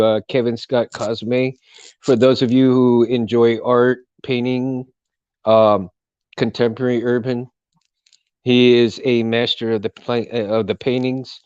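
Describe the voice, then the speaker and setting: A man's voice: mid-range voice, unhurried, smooth, no echo, lo-fi sound. Rambling laid-back man streaming. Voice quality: self-described monotone. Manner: rambling, full of fillers and restarts. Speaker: live stream host. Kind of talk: casual live-stream chat.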